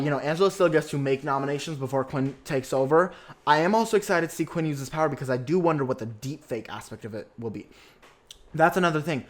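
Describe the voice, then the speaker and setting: A young man hosts a podcast, recapping a reality show with sass and excitement, piling on slang and swearing. His voice sits on the high side.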